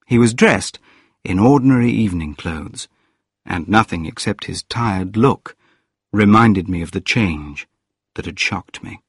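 Deep, slow, husky male storyteller. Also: no echo, studio quality. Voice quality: calm, measured reading. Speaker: audiobook narrator. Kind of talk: scripted narration.

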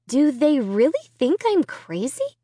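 A woman voicing a frantic young girl who has been wrongly accused, her voice high and wailing. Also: wildly swooping pitch, unhurried, warm tone, no echo, full character voice. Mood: anguished.

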